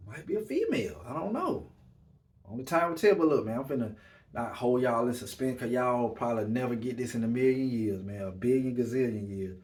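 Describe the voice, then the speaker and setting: A laid-back man hosts his podcast, talking loosely and ending almost every phrase with "man". His voice sits at an ordinary middle pitch. It rings in an echoey room. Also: lively intonation, fairly quick, darkish tone. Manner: laid-back, repeats "man" at line ends. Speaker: podcast host. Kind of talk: casual monologue.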